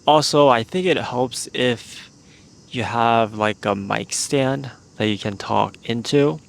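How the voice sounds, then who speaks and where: A man hosting a casual solo podcast, talking in a relaxed, meandering way into a handheld microphone while outdoors. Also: medium pitch, slow pace, creaky. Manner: relaxed, meandering, with many "like" fillers. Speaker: podcast host. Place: outdoors in a remote spot.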